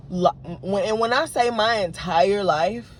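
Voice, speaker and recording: With slight background noise behind her, a woman vlogger in her late twenties speaks at a measured pace in a medium-pitched voice. Addressing the camera in an unedited casual monologue, she relays an argument in frustration, full of fillers and false starts.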